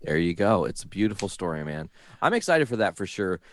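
Low-voiced excitable man. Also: fairly quick, no room sound. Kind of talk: casual chat.

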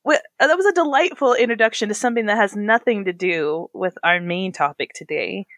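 A young adult woman co-hosting a podcast, talking in an animated, playful way with quick laughs. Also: medium pitch, no room sound. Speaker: podcast co-host. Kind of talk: casual chat.

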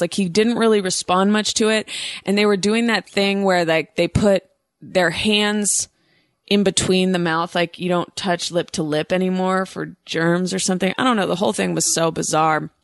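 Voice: mid-range voice, fairly bright tone, no room sound, clean studio sound. A speaker telling anecdotes in a loose conversational way, wry and rambling, leaning on "like" as a filler. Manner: rambling, wry, heavy use of "like". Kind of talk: casual conversational storytelling.

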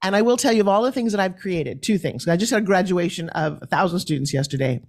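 A woman from New York, a podcast guest, telling her story in an animated and forthright way. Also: lowish voice, quick pace.

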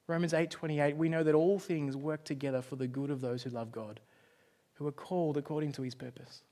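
A man preaching from the pulpit, his voice sitting a little higher than most. He tells his story dramatically, rising to loud outbursts and then dropping to near-whispers. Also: fairly even intonation, brisk. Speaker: pastor. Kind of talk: sermon.

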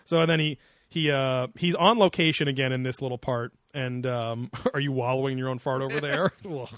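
A man's voice: medium pitch, steady tone, fairly quick, fairly bright tone, dry recording, studio quality. A man co-hosting a casual podcast chat, laughing often and joking loosely with some swearing. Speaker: podcast co-host.

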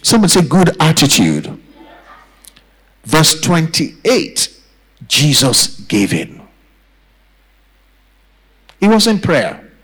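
Pastor, male, higher-pitched, swooping delivery; emphatic sermon with call-and-response. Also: wildly swooping pitch, very slow, long pauses, fairly bright tone, breathy edge, poor audio. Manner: preaching with call-and-response to the congregation; emphatic, repeats phrases for effect. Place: church.

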